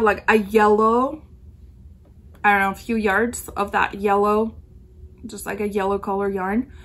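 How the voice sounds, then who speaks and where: A woman hosts a knitting podcast in a relaxed, rambling chat, filling gaps with ums and correcting herself as she goes. Her voice sits at an ordinary middle pitch and carries a noticeable vocal fry. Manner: rambling and chatty, with frequent ums and self-corrections. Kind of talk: casual chat.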